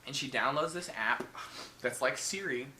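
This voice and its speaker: A man co-hosting a podcast, telling horror movie plots in casual, profane, animated chat. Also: medium pitch, moderate pace. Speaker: podcast co-host. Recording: echoey room with faint noise.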